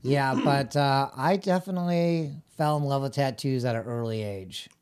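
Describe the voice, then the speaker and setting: A man's voice: medium pitch, moderate pace, darkish tone, smooth. A middle-aged man chatting casually as a guest, telling rambling stories with laughs and acted-out quoted voices. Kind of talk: casual storytelling chat.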